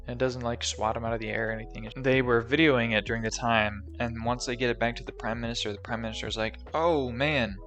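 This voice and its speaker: A man's voice: mid-range voice, level tone, fast, few pauses, fairly bright tone, soft background music. A young man casually recapping a movie, rambling and joking with lots of fillers.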